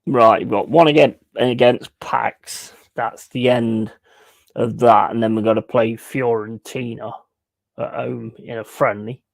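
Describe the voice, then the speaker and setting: A man with a gravelly edge, pitched in the middle for a man. He tells crude stories in a blunt, casual way, swearing and laughing as he goes. The sound is close and dry. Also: steady tone, unhurried, no echo. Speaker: streamer. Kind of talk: casual sweary storytelling while gaming.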